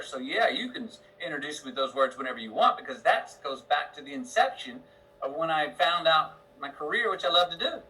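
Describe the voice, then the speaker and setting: A man in his fifties, a guest actor, telling a long story in an interview with a slow drawl, murmuring his inner lines. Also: a little high, sing-song, bright, forceful tone, rough recording. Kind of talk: storytelling interview on a video call.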